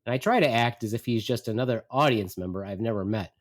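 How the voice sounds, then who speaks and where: A man's voice: medium pitch, sing-song, quick pace, few pauses. A man hosting a podcast, telling a comic story in a casual way. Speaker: podcast host.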